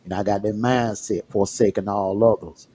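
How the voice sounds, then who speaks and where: A man's voice: fairly low pitch, steady tone, normal speed, warm tone, a little hiss or hum. A man frankly telling his own relationship story on a livestream, often repeating words as he gathers his thoughts. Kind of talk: casual personal storytelling.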